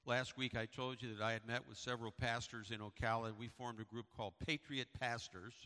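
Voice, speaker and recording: A middle-aged pastor delivers a sermon and church announcements in a church sanctuary, his medium-pitched voice brisk, flat and sharp. He talks conversationally, telling stories and repeating himself. The recording carries a long hall reverb.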